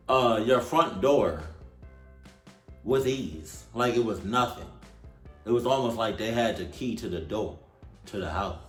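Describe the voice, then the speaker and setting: Animated low-voiced man in an echoey room. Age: 20s. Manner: animated, swears often, bursts of loud exclamation. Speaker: reaction video host. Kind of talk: casual reaction commentary.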